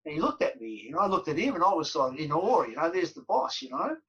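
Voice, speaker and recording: A man's voice: fairly high pitch, big pitch swings, fast, fairly bright tone, slightly rough. A middle-aged Australian man, a former footballer, telling long stories as a podcast guest, with many fillers and repeated words. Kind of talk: podcast interview storytelling. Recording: dull lo-fi audio.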